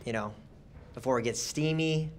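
A young man hosting a live stream dating game, asking questions in a quick, loose way. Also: medium pitch, slight background noise. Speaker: stream host. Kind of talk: casual stream banter.

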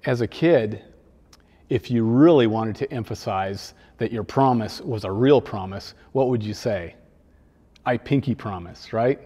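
A man, a children's pastor, preaching a sermon in a conversational, gently humorous way. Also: fairly low pitch, unhurried, husky, big-room sound.

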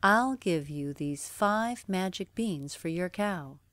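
A woman's voice: lowish voice, expressive, slow pace, a bit bright, dry recording. A woman voicing a strange little man who coaxes a trade, storybook style. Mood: coaxing.

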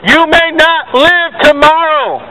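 A man preaching loudly and repetitively to passers-by at an outdoor market, straining his voice. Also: extremely high pitch, takes it slowly, a crowd in the background, low-quality recording. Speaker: street preacher. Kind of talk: open-air street sermon. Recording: outdoor street noise with traffic.

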